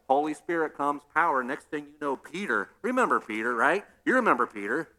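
A male pastor preaching a sermon in an animated way, acting out scenes with humor. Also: a little high, fairly quick, hardly any pauses.

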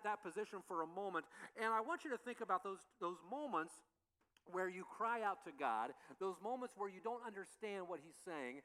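High, bright-voiced man preaching. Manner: conversational, repeats rhetorical questions. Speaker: pastor. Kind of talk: sermon. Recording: long reverb of a large hall.

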